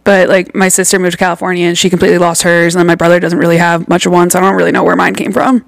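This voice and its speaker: A woman's voice: on the low side, little pitch movement, gravelly. Easygoing woman with a Baltimore accent. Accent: light Baltimore. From Baltimore area. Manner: easygoing, chatty, quick to laugh. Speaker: podcast guest. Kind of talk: casual chat.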